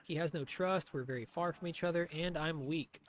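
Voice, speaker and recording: A man's voice: a little high, a little fast, a little hiss or hum. A man doing live commentary on his own strategy game, talking to himself in a sarcastic, swearing way. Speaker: streamer.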